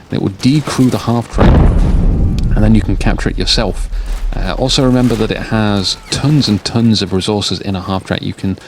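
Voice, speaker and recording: A man's voice: on the low side, fairly even intonation, normal speed. A tired man casting a strategy war game late at night, rambling and joking between calls of the action, with game noise behind him. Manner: rambling, jokey, drifts off topic. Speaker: game caster. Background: game sounds of gunfire and vehicles.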